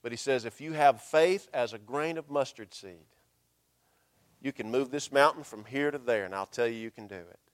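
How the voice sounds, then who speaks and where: A man, a pastor telling a story in his sermon and quoting scripture in a hushed, slow voice. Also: medium pitch.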